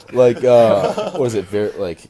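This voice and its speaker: A laid-back young man co-hosting a casual podcast, often calling others "dude". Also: mid-range voice. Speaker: podcast co-host. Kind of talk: casual chat.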